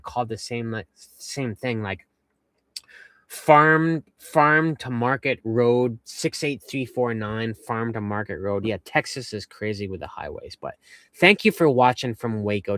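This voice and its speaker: A young man from western Massachusetts hosts a vanlife livestream, casually going through viewer comments from his camper van. He sounds upbeat and rambling, with a medium-pitched, slightly bright voice and no room sound.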